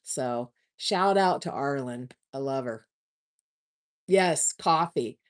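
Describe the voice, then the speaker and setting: A woman hosting a casual livestream, chatting warmly with viewers and often restarting her words. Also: rumbling low, lively intonation, slow. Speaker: livestream host.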